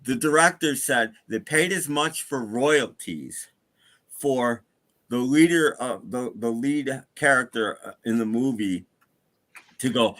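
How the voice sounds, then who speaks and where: A man's voice: mid-range voice, takes it slowly, fairly bright tone. A man chatting as a guest on a live stream, explaining points with anecdotes. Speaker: chat guest. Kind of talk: casual chat.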